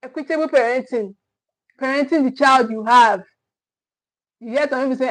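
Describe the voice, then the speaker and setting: Emphatic high-voiced woman coach. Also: moderate pace, rough recording. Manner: emphatic and repetitive, preacher-like. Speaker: parenting coach. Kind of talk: motivational parenting talk.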